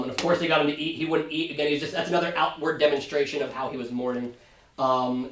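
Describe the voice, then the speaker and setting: A man's voice: mid-range voice, a little hiss or hum. A man, a pastor, leading a casual Sunday school Bible study, talking conversationally and often checking in with his class. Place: church classroom. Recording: roomy, from far off mic.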